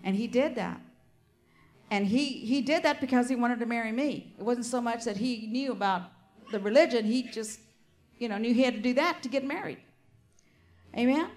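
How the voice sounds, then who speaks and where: An older woman preaches, her voice sitting a little high for a woman. She speaks fervently, tosses in amens and hallelujahs, and drifts into personal stories. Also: moderate pace. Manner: personal storytelling with asides. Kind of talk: sermon.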